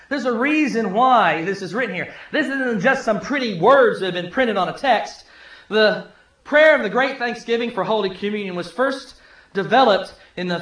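A male pastor preaching a sermon, telling a story conversationally and dropping low and soft for emphasis. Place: church sanctuary. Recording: echoey church room.

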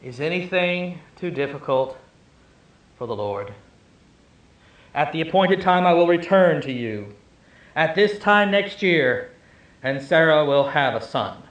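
A man speaking the words of God in a sermon, in a grave, slow and questioning manner. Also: on the high side, lively intonation, a bit bright, roomy sound, poor audio. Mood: solemn. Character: solemn God, patient and questioning.

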